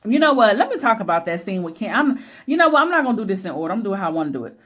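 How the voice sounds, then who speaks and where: A woman's voice: fairly high pitch, very animated, very fast. A woman giving blunt, opinionated casual commentary on a reality show episode, swearing freely and using lots of fillers.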